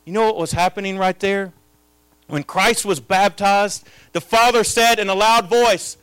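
A man preaching a sermon as pastor, his delivery swinging between hushed, intimate lines and loud, impassioned proclamations. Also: high-pitched, fairly even intonation, a little slow, smooth, no room sound.

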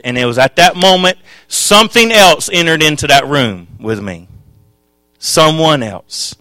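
A man preaching a sermon, telling his own testimony with passion, dropping to a hush and then rising loud. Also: a little high, expressive, moderate pace, no room sound. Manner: impassioned, swings from hushed to loud.

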